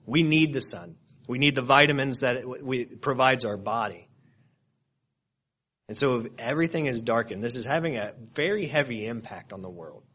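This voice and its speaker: Male pastor, mid-pitched, earnest sermon delivery with big swings between loud emphasis and soft asides.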